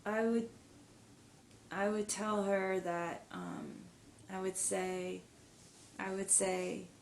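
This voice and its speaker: A woman musician appearing as a podcast guest in a casual interview speaks earnestly and emotionally, with frequent stuttered repetitions and blocks. Her medium-pitched voice has lively intonation, and she takes it slowly, pausing often. The room is echoey with faint background noise.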